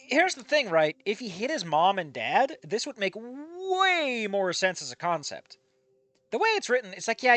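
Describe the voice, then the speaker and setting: Nasal guy on a headset reading fanfic and ranting, swears a lot, pitch all over the place, bit high. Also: a bit bright, no room sound. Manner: rambling, profane, opinionated. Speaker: fanfic reader and commentator. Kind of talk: reading fanfic aloud with commentary.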